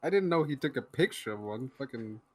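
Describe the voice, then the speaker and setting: A man's voice: mid-range voice, lively intonation, a little fast, slightly rough, dry recording. A man co-hosting a podcast, laughing often and teasing the others. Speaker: podcast co-host. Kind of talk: casual podcast chat.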